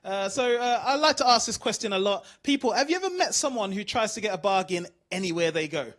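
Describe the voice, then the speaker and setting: High-voiced bright British comic. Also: male voice, quick pace. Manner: animated storytelling, asks the crowd. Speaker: stand-up comedian. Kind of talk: stand-up routine.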